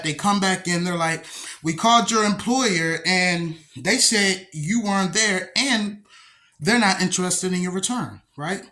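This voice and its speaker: A young man casually telling a story from his own life, profane and streetwise, acting out the dialogue as he goes. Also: sits high. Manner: profane, streetwise, animated retelling with acted-out dialogue.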